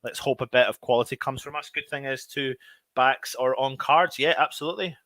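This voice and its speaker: Male fan host, running live match commentary, excitable and frustrated, tense bright tone. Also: medium pitch, a little fast, dry recording. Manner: excitable, shouts at big moments, grumbles at players. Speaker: fan watch-along host. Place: at home.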